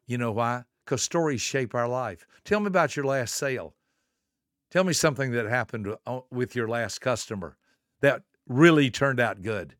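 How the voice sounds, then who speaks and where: A man in his seventies hosting a motivational podcast, preaching with emphatic rhetorical questions and swinging between soft asides and booming lines. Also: normal speed, no room sound, clean studio sound. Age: 70s. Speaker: podcast host and motivational speaker.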